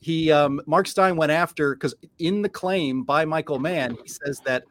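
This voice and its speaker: A man hosting a talk show, chatty and amused, moving through his points at a measured pace. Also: fairly high pitch. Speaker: show host. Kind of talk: casual discussion.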